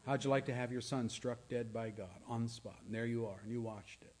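A man's voice: mid-range voice, steady tone, a little fast, a little mellow. A male pastor preaching a sermon, earnest and questioning, sometimes dropping to a near-whisper for emphasis.

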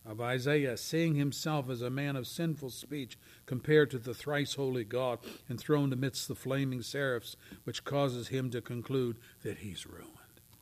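A man preaching a sermon, swinging from loud, declaiming readings to near whispers. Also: mid-range voice. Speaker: pastor. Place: church.

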